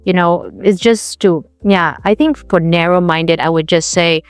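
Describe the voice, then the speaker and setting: A woman's voice: fairly low pitch, steady tone, normal speed, smooth, no room sound. A woman co-hosting a casual podcast, speaking reflectively and thinking aloud. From India. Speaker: podcast co-host. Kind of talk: casual chat.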